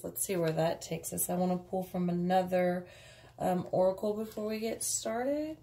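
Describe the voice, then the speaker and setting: A woman's voice: on the low side, moderate pace, mellow, a little hiss or hum. A woman giving a casual daily tarot reading, chatty and offhand, with frequent fillers. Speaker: tarot card reader.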